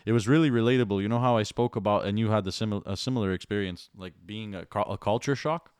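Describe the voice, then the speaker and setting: A man's voice: on the low side, quick pace, clear, resonant tone, no room sound, studio quality. A young man, chatting casually on a podcast and acting out the people he talks about. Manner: animated storyteller who acts out the people he quotes. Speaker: podcast co-host. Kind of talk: casual chat.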